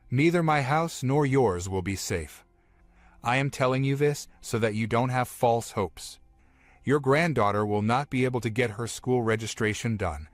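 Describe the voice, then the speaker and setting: A man reading as a calm, serious young hero. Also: mid-range voice, dry recording, lightly acted. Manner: firm, instructing. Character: calm, serious young male hero who knows the future.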